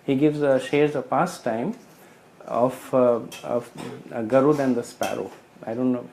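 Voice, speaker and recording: A man's voice: medium pitch, dark tone, a little hiss or hum, rough recording. Hesitant man sharing spiritual insights. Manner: hesitant, many fillers, explanatory with analogies. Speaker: participant sharing realizations in a scripture study group.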